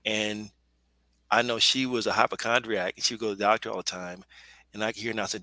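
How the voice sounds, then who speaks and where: A middle-aged man speaking on a webinar panel in an earnest, halting, emotional way. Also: fairly low pitch, bright, forceful tone, dry recording, poor audio. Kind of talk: personal testimony in a webinar.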